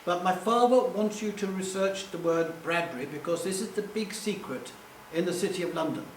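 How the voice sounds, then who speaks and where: A plummy, clipped upper-class English gentleman, played by a male speaker in a higher register. He is heard from a distance in a reverberant hall. A faint background hum sits under the voice. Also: very fast. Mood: polite urgent.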